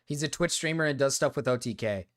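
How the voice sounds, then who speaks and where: In a casual live stream, a young man answers defensively, his speech shifting between low mutters and loud protests. He's a fast talker.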